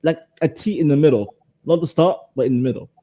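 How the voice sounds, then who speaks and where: A man's voice: fairly high pitch, fast, dark tone. A man teasing friends in a casual online panel chat, stammering as he starts his sentences. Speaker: panel guest.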